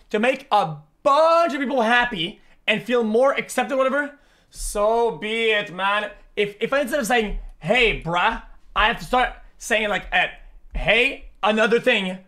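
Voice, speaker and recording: A young man, streaming a reaction with fast, rambling, profane commentary full of repeated words. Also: high-pitched, lively intonation, pushed and bright.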